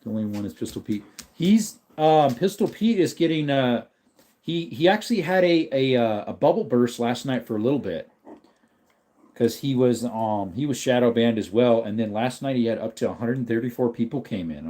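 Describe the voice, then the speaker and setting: A man's voice: mid-range voice, animated, moderate pace, dark tone. A man hosting a casual livestream, reading out viewers' chat and talking to his dog in between. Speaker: livestream host.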